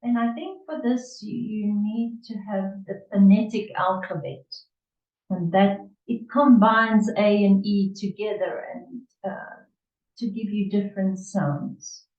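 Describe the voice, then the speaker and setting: A woman tutoring English in a conversation lesson, talking things over unhurriedly with many fillers and pauses. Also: medium pitch, fairly even intonation. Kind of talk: conversation lesson, reading from an article. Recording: echoey, distant and muffled.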